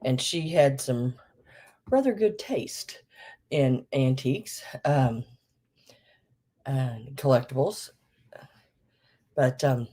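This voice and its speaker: A woman hosts a live vintage sale stream, talking in a slow, low, mellow voice. She rambles warmly with plenty of ums and stops to catch her breath now and then. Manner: rambling, many ums, Southern "y'all". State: a bit out of breath. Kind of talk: casual live-stream chat.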